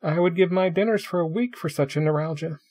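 A man voicing a pompous, cheerful young male logician who talks in a lofty, wordy, mock-solemn way, with a husky voice. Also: fairly high pitch, quick pace, darkish tone, voice pushed up, natural voice.

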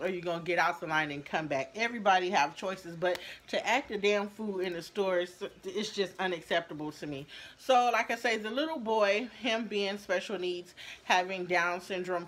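A woman telling a story to her viewers in a casual storytime vlog, animated and talking straight to them. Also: fairly low pitch. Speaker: storyteller vlogger.

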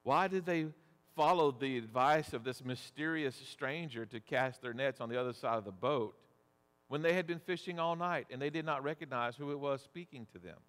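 Measured male pastor preaching in a reverberant church. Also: medium pitch, a bit bright, clean tone. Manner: measured, deliberate preaching with rhetorical questions. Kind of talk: sermon. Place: church sanctuary.

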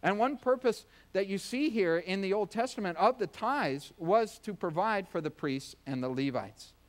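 A male pastor delivers a sermon in a church, with a fairly high voice. He talks in a folksy, joking way and acts out quick voices. The tone stays conversational as he teaches. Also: animated.

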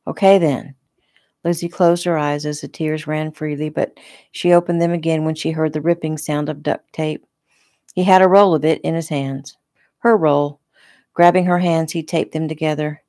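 Low, gravelly woman reading her novel. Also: normal speed, no echo, clean studio sound. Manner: relaxed, conversational reading. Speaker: author reading her own book. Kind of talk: casual audiobook narration. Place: home room.

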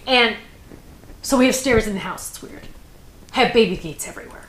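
A woman's voice: fairly high pitch, moderate pace, a bit bright, roomy sound. A woman hosting a crafting show, chatting casually and rambling through stories with plenty of fillers.

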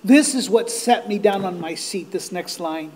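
A male pastor preaching a sermon, earnest and direct with his listeners, growing impassioned and nearly shouting at the peaks. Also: high voice, moderate pace, a little hiss or hum. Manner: impassioned, rising to near-shouts on quoted cries.

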